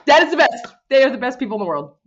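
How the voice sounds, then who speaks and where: A woman's voice: high-pitched, racing, muffled recording, a little hiss or hum. Gushing thirty-something woman guest. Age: 30s. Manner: emotional, gushing, animated storytelling. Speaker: guest voice actor. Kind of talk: casual podcast interview.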